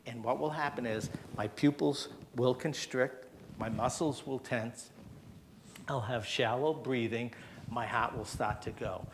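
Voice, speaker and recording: This man's medium-pitched voice moves at a measured pace, with a little hiss or hum. At a church hall health seminar he walks the audience through a breathing technique step by step, demonstrating it, urging them to join in, and frequently checking "okay?"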